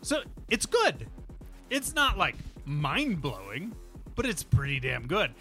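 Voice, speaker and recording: A bright, lively game master narrates a tabletop role-playing session at a slow, unhurried pace. Laughter keeps breaking into the narration, and faint music plays underneath. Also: mid-range voice. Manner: laughs often, restarts lines while narrating.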